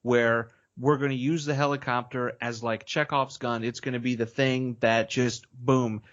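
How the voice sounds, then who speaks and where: A man's voice: mid-range voice, little pitch movement, moderate pace, a bit bright, lo-fi sound. A man appearing as a guest on a film podcast, chatty and opinionated, talking in a loose, slangy way. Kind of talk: casual film-review chat.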